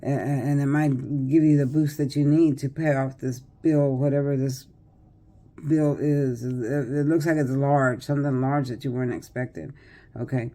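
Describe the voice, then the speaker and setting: A woman's voice: a bass voice, steady tone, normal speed, warm tone. A tired older woman doing a casual tarot reading, chatty and rambling with many fillers and restarts. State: tired, yawning. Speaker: tarot reader.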